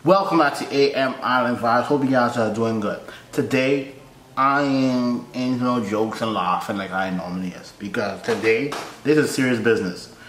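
A man hosting a reaction video in casual commentary, playful and teasing, with loud excited outbursts. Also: medium pitch, moderate pace, slight background noise. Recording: echoey room.

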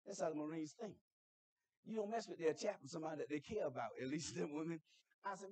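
A middle-aged guest chaplain delivers a sermon in a dry recording, his voice on the high side and his pace quick. He shares stories in a conversational way, puts questions to the congregation, and works up to shouting.

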